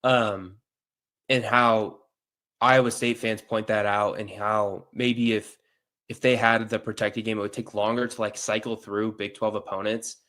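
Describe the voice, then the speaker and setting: A man with a lowish voice who grew up near St. Louis, guesting on a sports podcast. He talks casually and with feeling, peppering his points with "like.". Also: measured pace. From near St. Louis, US Midwest. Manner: animated opinions, repeated "like". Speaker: guest reporter.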